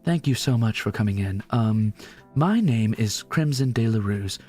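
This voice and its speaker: A man doing a deep formal announcer voice. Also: lively intonation, dark tone, husky, faint music behind. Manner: formal, polite, slow and measured. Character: deep formal male announcer-like host persona.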